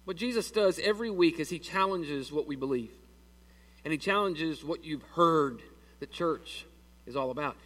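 A man's voice: a little high, fairly bright tone, distant mic. A man preaching a sermon in a church, folksy and joking with his congregation. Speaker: pastor. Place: church sanctuary.

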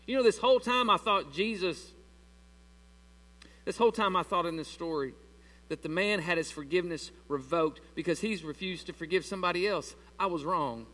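30s guy preaching to his church, chatty and loose, kinda high bright voice, echoey hall w/ some hum. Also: moderate pace. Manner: conversational preaching with loose grammar, addresses congregation as y'all. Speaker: pastor. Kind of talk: sermon.

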